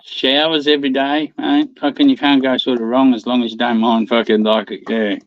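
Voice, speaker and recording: A man's voice: medium pitch, little pitch movement, moderate pace, dry recording, highs cut off. A man in casual chat, a rambling storyteller who swears a lot and laughs often.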